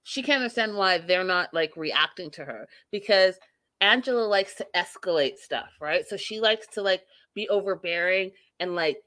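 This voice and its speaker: A woman's voice: on the low side, lively intonation, moderate pace, bright, forceful tone, no echo. A woman recapping a reality show in a casual vlog, blunt and opinionated, swearing freely.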